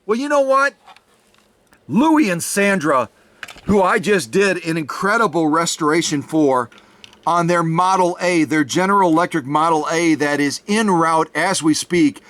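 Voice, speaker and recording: A man who restores vintage sewing machines speaks directly to camera on his channel, making an enthusiastic, effusive, repetitive fundraiser appeal to viewers he calls "folks." His voice is on the high side and a bit bright, at a measured pace, in a dry recording.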